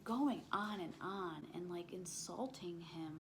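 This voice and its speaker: A young woman telling a personal story as a vlogger, halting and emotional, leaning on "like" as filler and swearing when upset. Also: on the low side, lively intonation, vocal fry, a little hiss or hum.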